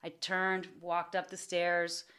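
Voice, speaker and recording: Bright-voiced woman telling stories. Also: slow pace, smooth. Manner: animated, acts out quotes in a high excited voice. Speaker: guest actor. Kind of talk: casual interview storytelling.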